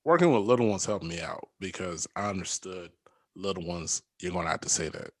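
A man, a youth basketball coach, telling stories in casual chat, animated and laughing often as he acts out quotes. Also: low voice, fairly quick, no room sound.

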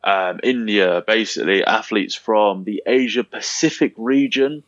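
A man's voice: on the low side, measured pace, no echo, lo-fi sound. A man co-hosting a casual podcast, reading out race results with lots of ums and easy laughs. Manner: relaxed, hesitant, many ums, laughs easily. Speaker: podcast co-host.

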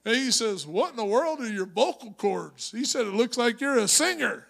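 A high-voiced male pastor with a gravelly edge preaches in a church. He tells stories in a conversational way, then climbs into shouted exhortation. The sound is a live sermon in a sanctuary. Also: animated, normal speed. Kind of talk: Pentecostal-style preaching.

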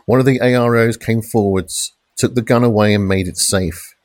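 A man reads a police thriller in steady, dramatic narration. His voice sits on the low side and sounds dry and close, with no room around it. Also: dry recording. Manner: measured, dramatic crime reading with shouted police lines. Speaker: audiobook narrator. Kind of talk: scripted narration.

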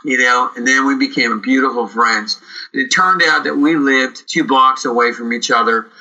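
Bright-voiced man telling stories. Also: medium pitch, normal speed, muffled recording. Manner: rambling, animated, many fillers and restarts. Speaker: actor, guest. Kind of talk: casual storytelling interview.

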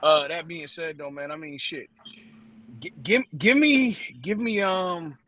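A man's voice: on the high side, measured pace, pushed and bright, lo-fi sound. A man co-hosting a podcast, speaking hesitantly and repeating words in casual chat. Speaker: podcast co-host.

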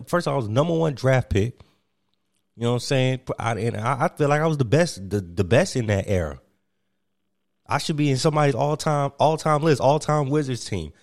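A man performs a comic caller as an offended former basketball player. He trips over his words and repeats them, voice pitched in an ordinary middle range. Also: a little mellow, lightly acted. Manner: stammering, repeating himself, indignant. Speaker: prank caller.

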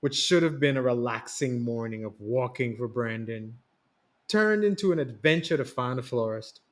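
A man telling a story on a podcast in a steady, read-aloud narration. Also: mid-range voice, normal speed. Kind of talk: scripted narration.

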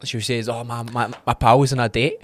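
A Scottish man telling lively stories on a podcast, voicing other people's lines with plenty of laughter. His voice sits at an ordinary male pitch, and the sound is dry and close with no room around it. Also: fairly quick, no echo. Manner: animated storyteller who acts out quotes and laughs often. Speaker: podcast co-host. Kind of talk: casual chat.

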